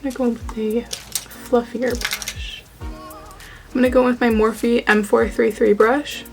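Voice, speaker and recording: A young woman talks through a makeup look in a chatty, playful way, joking to herself as she goes. Her voice has a gravelly edge, and soft music plays underneath. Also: fairly high pitch, flat delivery, slow, low-quality recording. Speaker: beauty YouTuber. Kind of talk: casual makeup tutorial chat.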